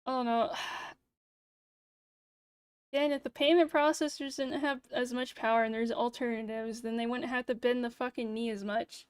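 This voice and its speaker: A woman's voice: on the high side, fairly even intonation, moderate pace, long pauses, smooth, no room sound. A young woman streamer in casual livestream chat, ranting sarcastically and swearing freely into a close mic. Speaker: VTuber streamer.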